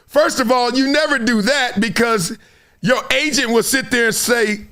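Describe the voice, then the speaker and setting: A middle-aged man hosting solo sports commentary, animated and fond of acting out quotes in other voices. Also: very high-pitched, normal speed.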